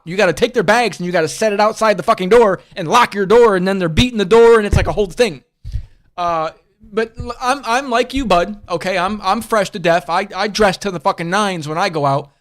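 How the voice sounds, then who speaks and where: A man's voice: high voice, fairly quick, a bit bright. A man hosting a casual livestream chat, talking bluntly and profanely and rambling through restarts and fillers. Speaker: livestream host.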